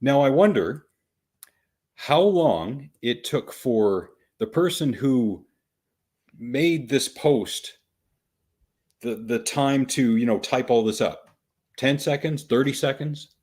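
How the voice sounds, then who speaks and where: A man's voice: medium pitch, animated, a little mellow, slightly rough. A man hosting a podcast, wryly and patiently walking listeners through a news story, step by step. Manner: wry, patient, explains slowly and deliberately. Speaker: podcast host. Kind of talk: casual podcast commentary.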